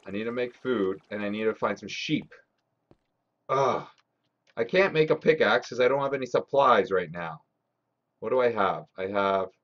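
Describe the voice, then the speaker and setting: A man streaming a game live, talking to his chat and swearing often as he grows frustrated. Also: lowish voice. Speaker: gaming streamer. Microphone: desk mic. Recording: slightly dull lo-fi stream audio.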